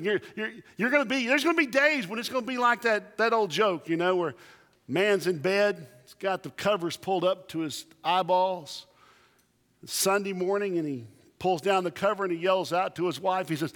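A man preaching to his congregation in an animated, emphatic way, with a slightly high voice. A long reverb from the church sanctuary trails his words. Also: moderate pace. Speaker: pastor. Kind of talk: sermon.

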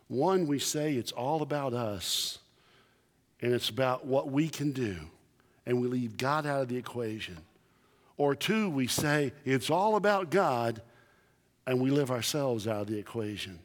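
A man pastor preaching a sermon, emphatic and animated, telling stories to his congregation. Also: mid-range voice, a little slow. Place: church sanctuary. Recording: long church reverb.

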